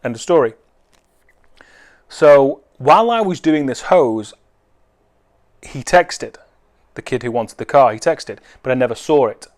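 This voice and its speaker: A man's voice: mid-range voice, lively intonation, a little slow, long pauses. A man who builds cars, telling a rambling anecdote with wry swearing. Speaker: car enthusiast. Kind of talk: casual anecdote.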